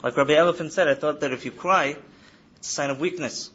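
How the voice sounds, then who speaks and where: In a muffled recording, a man in his thirties addresses a study hall full of students about coping with trauma. His voice is fairly high, a bit bright, with a breathy edge, and he talks fast. The lecture is earnest and keeps repeating its key phrases.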